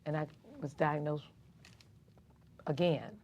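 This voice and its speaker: A woman's voice: deep voice, slow pace, muffled recording, a little hiss or hum. A woman from Atlanta, a community activist, telling her own story in a casual interview and acting out the voices of other people. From Atlanta, Georgia. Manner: animated storyteller who acts out dialogue.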